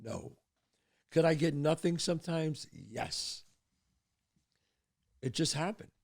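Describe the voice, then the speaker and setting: An older man hosting his show, telling a personal story in a casual, animated way and dropping low and quiet at the tense parts. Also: takes it slowly, vocal fry. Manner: animated storyteller, drops to hushed tones for suspense. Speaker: podcast host.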